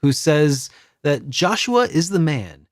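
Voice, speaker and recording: A man's voice: fairly high pitch, big pitch swings, slow pace, dry recording, studio quality. Rambling male podcast co-host. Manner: rambling, lots of restarts and fillers. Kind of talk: casual podcast chat.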